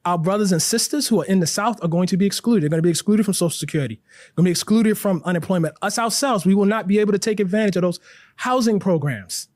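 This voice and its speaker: A male author with a high voice gives a passionate interview answer in deliberate, building sentences. The recording is dry, with no room sound. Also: a little mellow, dry recording. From northern United States city.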